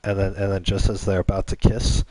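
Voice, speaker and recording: Male gaming host, rambling improvised storytelling, low, dry voice. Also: monotone, brisk, dark tone, no room sound, rough recording. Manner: rambling, many restarts.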